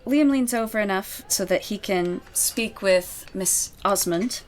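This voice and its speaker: A woman narrates as game master at a mid pitch. She describes scenes and characters in a measured way for her players. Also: slight background noise.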